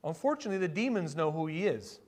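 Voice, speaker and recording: A male pastor preaching a sermon in a conversational way, with rhetorical questions and sudden bursts of excitement. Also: fairly high pitch, fast talker. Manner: conversational preaching with asides and fillers.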